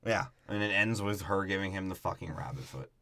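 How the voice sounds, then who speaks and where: A man's voice: deep voice, brisk, sharp tone. A man co-hosting a podcast, breaking down a movie in casual, crude, profane jokes. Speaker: podcast co-host.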